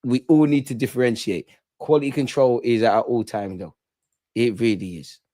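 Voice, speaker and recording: A man's voice: mid-range voice, steady tone, moderate pace, dark tone, no echo, studio quality. A young man in casual banter among friends, slangy, laid-back and joking.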